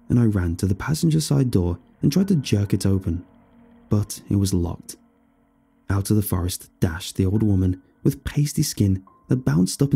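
A man narrating a first-person horror story in a steady storytelling manner. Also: low voice, creaky, husky.

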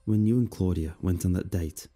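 A man voicing a troubled young man, an old friend, who mutters in a low, guarded way. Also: moderate pace, mellow, soft background music.

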